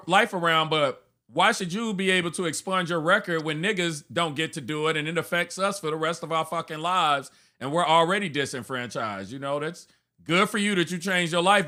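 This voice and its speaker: A man co-hosting a podcast, chatting casually, swearing freely and laughing through animated stories. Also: fairly high pitch. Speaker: podcast co-host. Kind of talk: casual chat.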